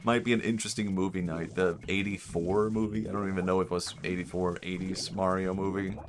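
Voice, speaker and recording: A man's voice: deep voice, little pitch movement, fast. A man streaming a game, joking and thinking aloud in casual rambling commentary. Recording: game music behind. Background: game music.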